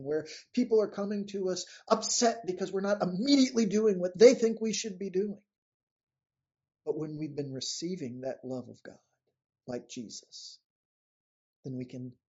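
A man's voice: sits high, darkish tone, husky. A man giving an earnest, conversational reflection on scripture, like a short sermon. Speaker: preacher. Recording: dull lo-fi recording.

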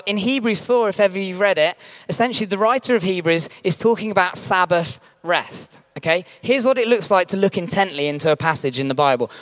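A man preaches a sermon with a slightly higher voice than most men. He tells stories with energy and acts out the quotes. He sounds like a pastor addressing his church. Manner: animated storytelling, acting out quotes.

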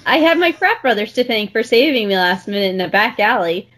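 A woman co-hosting a podcast who reads part of a story and reacts with animated laughter. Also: mid-range voice, brisk, hardly any pauses. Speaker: podcast co-host.

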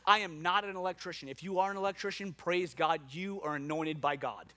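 A pastor preaching a sermon, telling a funny personal story with self-mocking asides and many repeated "no joke" remarks. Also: male voice, high voice, brisk, pushed and bright.

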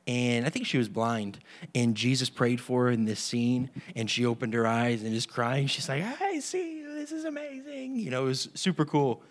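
A man's voice: mid-range voice, fairly even intonation, moderate pace. A man giving an informal sermon-style teaching on healing prayer, earnest and conversational, acting out the voices of people in his stories. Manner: earnest, acts out quoted voices. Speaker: healing ministry leader.

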